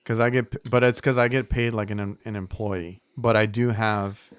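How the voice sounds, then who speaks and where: A man's voice: on the low side, fairly even intonation, normal speed, clear, resonant tone, dry recording, studio quality. An American man co-hosting a casual podcast, a working HVAC technician who talks in a loose, rambling way with frequent restarts. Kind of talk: casual chat.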